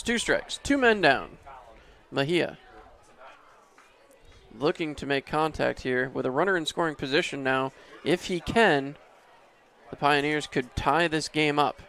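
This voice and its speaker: A man's voice: on the high side, a little slow, long pauses, a bit bright, some chatter behind. A man calling baseball play-by-play from an outdoor ballpark booth, easygoing and chuckling, his voice rising sharply on big hits. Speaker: play-by-play announcer.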